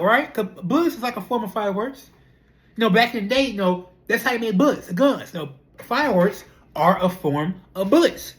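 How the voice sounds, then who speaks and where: A young adult speaker, chatting straight to camera. The talk is loose and animated, looping through rhetorical questions and repeated fillers. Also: medium pitch. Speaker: vlogger. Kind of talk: casual talking-to-camera monologue.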